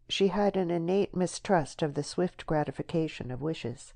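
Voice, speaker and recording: A woman reading a novel aloud in measured, even scripted narration. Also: deep voice, creaky. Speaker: audiobook narrator.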